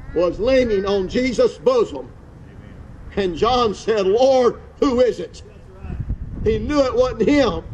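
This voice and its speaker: A man's voice: very high-pitched, muffled recording, a little hiss or hum. A male pastor preaching outdoors with fervor, repeating phrases and restarting words as he goes. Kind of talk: outdoor sermon. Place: outdoor church service.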